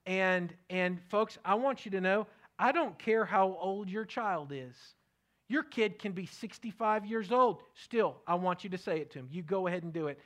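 A middle-aged man preaching a sermon, earnest and repetitive, often dropping his voice to a soft hush. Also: sits high, normal speed. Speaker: pastor.

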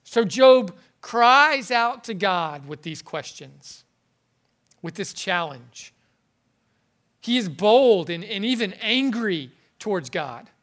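A man preaching a sermon in an earnest, halting way, often repeating words as he goes. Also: high voice, sing-song, fairly bright tone. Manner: earnest, halting, with frequent word repetitions.

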